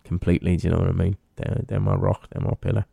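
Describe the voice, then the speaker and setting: A man's voice: low-pitched, level tone, fast talker, gravelly, warm tone, breathy edge. A man with a Liverpool accent, an actor talking as a guest in a casual interview, telling chatty stories. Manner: chatty storyteller, acts out others' voices.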